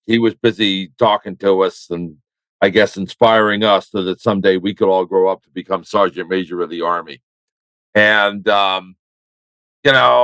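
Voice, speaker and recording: A man's voice: on the low side, pushed and bright, clear, resonant tone, no echo, rough recording. An older man, a military veteran, telling a long story in a rambling, wry, self-correcting way. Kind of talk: conversational storytelling.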